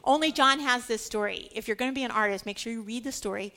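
A woman giving an animated scripture teaching, stressing points through repetition and dramatizing the quoted lines. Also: fairly high pitch, fast. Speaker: Bible teacher.

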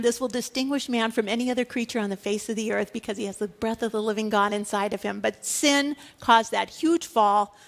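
A woman in her fifties preaching a sermon, animated, moving between loud exhortation and low hushed asides. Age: 50s.

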